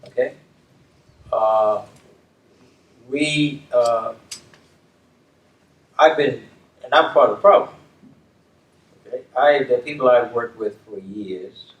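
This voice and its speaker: A man's voice: on the low side, dull audio. Older man, emphatic, keeps asking "okay?". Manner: repeats "okay?" to check in, emphatic restatements. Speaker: community leader and former dean. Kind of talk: reflective conversation. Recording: roomy, distant mic with faint room noise.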